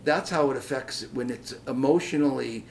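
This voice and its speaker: A ukulele instructor from Detroit, Michigan, is a guest on a radio interview, telling stories and explaining music as a lively teacher who hums and laughs along the way. His medium-pitched voice is brisk, with vocal fry.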